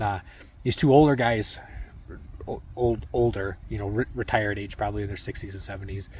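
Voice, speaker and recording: A young man records himself outdoors at a mountain camp after a day of hiking. He tells his trail stories in a loose, rambling way full of fillers. His voice sits at an ordinary middle pitch for a man. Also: a little mellow. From Wisconsin. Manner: rambling, laid-back, lots of fillers and laughs. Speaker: thru-hiker vlogger. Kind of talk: casual storytelling to camera.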